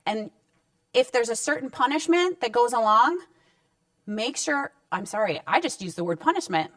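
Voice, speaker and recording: A woman's voice: a little high, big pitch swings, normal speed, fairly bright tone, no room sound, recorded from a distance. A woman counselor giving parenting advice straight to camera in a conversational, reassuring way, sometimes acting out short parent-child exchanges. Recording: dry sound with the mic set back.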